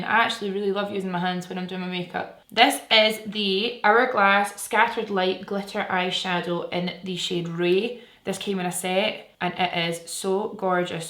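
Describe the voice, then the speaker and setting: A beauty vlogger with a medium-pitched, slightly bright voice chats enthusiastically and casually as she works through a makeup tutorial, talking the whole time she applies it. Her recording has an echoey room sound.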